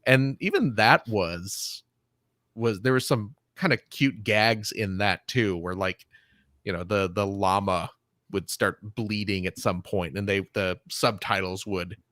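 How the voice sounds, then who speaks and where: A man's voice: lowish voice, measured pace, fairly bright tone, no room sound, clean studio sound. A man with a Midwestern American accent chatting casually on a gaming podcast, rambling with plenty of fillers. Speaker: podcast co-host. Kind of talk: casual chat.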